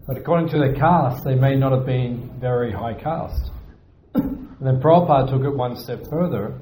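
A man's voice: medium pitch, moderate pace, dark tone, a little hiss or hum. A man teaching at a temple, giving a devotional lecture in an earnest, self-deprecating way and repeating his points for emphasis. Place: temple hall. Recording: echoey hall.

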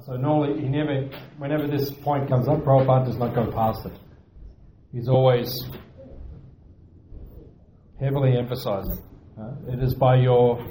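Speaking in a mellow, medium-pitched voice, a man lectures devotionally in an echoey temple hall, earnest and self-deprecating and repeating points for emphasis. The recording has a slight hiss or hum.

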